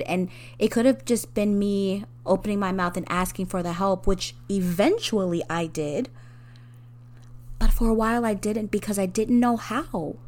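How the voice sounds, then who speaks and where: A woman hosting a podcast, talking earnestly and openly to her listeners about hard times, often with a soft laugh and rising emphasis. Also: fairly low pitch. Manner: speaks directly to the listener. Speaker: podcast host. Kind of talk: personal reflective monologue.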